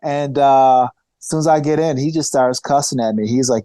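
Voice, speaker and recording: A man in his forties, a guest on a podcast, telling stories in a lively, animated way and often restarting his phrases. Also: mid-range voice, normal speed, dry recording. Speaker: podcast guest, former fighter. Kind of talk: casual interview storytelling.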